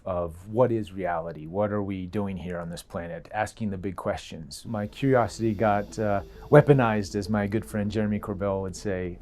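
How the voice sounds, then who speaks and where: A man with a fairly low voice talks in a relaxed, reflective way, pausing on small fillers. He recalls a past experience in an interview. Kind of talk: casual recollection.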